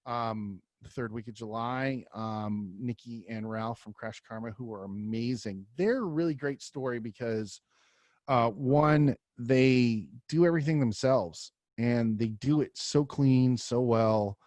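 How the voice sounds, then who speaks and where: A man's voice: mid-range voice, measured pace, a little mellow, no echo. Rambling casual male podcast host. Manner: loose, rambling, lots of fillers.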